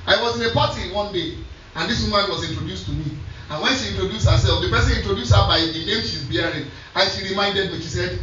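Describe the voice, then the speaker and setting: A man's voice: high voice, fast, fairly bright tone, a little hiss or hum. Preaching man in an echoey hall. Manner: storytelling, repeating scripture back to the congregation. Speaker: pastor. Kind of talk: sermon. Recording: echoey church hall from a distance, dull sound.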